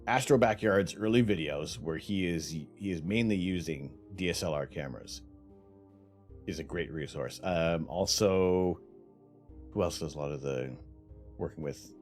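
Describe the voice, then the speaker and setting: Soft music sits under this low-pitched, somewhat dark voice, which moves a little slowly. It belongs to a man from Canada running a relaxed livestream, where he wanders through audience questions, reads chat messages aloud, and restarts often.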